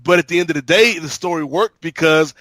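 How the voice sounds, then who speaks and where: A man co-hosting a podcast in casual chat, telling stories in a measured way and repeating words while he thinks. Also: a little high, fairly bright tone, no room sound. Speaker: podcast co-host.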